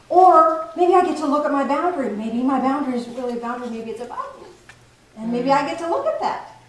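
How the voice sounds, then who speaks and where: Woman, spiritual teacher, playful and animated, faint hiss behind. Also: high voice, brisk. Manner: animated, playful, laughs often. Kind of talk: spiritual talk to a group. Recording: echoey room from far off, faint noise.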